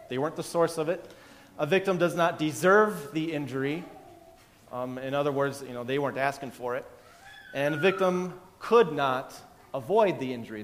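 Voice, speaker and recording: A man's voice: on the high side, a bit bright, in a large hall. A male pastor giving a conversational sermon, often restarting his sentences and chuckling. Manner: conversational, self-interrupting, chuckling.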